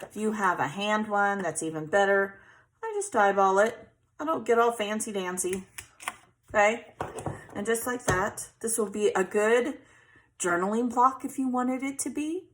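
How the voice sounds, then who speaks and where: A woman's voice: medium pitch, normal speed, a little hiss or hum. Chatty woman crafting. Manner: chatty, laughs easily, checks in with okay. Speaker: craft tutorial host. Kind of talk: casual crafting tutorial.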